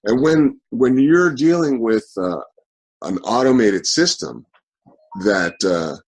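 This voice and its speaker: Husky-voiced man hosting a video call. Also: medium pitch, lively intonation. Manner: halting, full of fillers and restarts. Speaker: host of an online forum.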